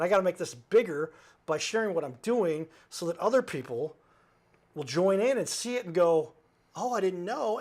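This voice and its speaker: A man's voice: fairly high pitch, slightly rough. A man, a talk show host who is a guest here, telling a story in a casual, rambling way, with many asides and self-corrections and some laughter. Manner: animated, jumps between asides and self-corrections; laughs while he talks.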